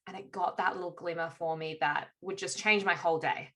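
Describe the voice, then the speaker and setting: A woman's voice: lowish voice, steady tone, brisk. A woman hosting a podcast, talking in a chatty, casual way. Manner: chatty, warm with fillers like "like". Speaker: podcast host. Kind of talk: conversational podcast interview.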